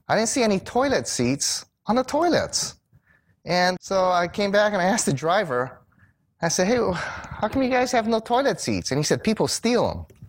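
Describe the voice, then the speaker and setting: A middle-aged man telling a personal story in a sermon, animated and acting out the voices of the people he quotes. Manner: animated storyteller who acts out quoted voices with big pitch jumps. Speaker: Bible teacher and speaker.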